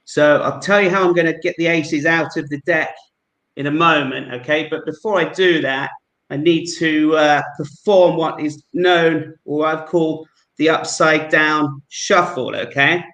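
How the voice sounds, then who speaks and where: A man's voice: fairly high pitch, steady tone, measured pace, a bit bright, roomy sound, poor audio. A man with a London accent performing a card trick over a video call, polite and friendly, narrating each move. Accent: London English. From England. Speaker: guest amateur magician.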